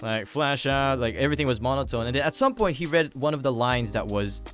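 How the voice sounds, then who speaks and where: A man hosting a podcast, retelling a story in a relaxed, rambling way with restarts. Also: mid-range voice, moderate pace, soft background music. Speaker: podcast host. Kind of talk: casual podcast chat.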